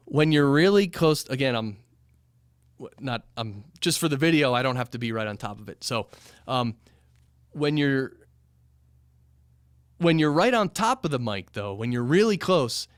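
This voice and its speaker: A man's voice: medium pitch, lively intonation, measured pace, long pauses, no echo. A man who runs a recording studio explains microphone technique in a loose, rambling talk to camera, with fillers, restarts and moments of moving toward and away from the mic. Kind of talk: casual instructional talk to camera. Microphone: studio microphone at a few inches, sometimes pulled far off.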